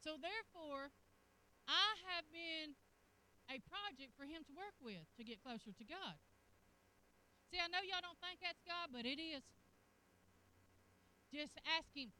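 Lady preacher, high bright voice, folksy and lively, faint hiss behind. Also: measured pace, pauses often, rough recording. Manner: folksy and animated, laughing asides, swings from hushed to loud. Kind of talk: sermon.

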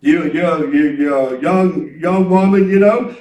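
A man's voice: high voice, fairly even intonation, takes it slowly, few pauses, a little mellow. A middle-aged man preaching a folksy, emphatic sermon and repeating himself for effect. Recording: echoey room, from a distance.

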